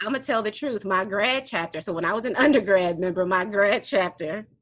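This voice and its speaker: A woman's voice: mid-range voice, fairly quick, a bit bright, no room sound. A woman explaining meeting procedure to a study group over a video call, laughing often and correcting herself as she goes. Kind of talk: online teaching session.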